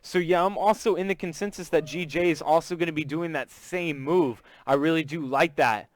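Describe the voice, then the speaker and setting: A man's voice: on the high side, fairly even intonation, moderate pace, no room sound. A man from Texas with a Southern accent, hosting a live trading stream in casual, chatty talk and greeting viewers by name. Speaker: forex trading stream host.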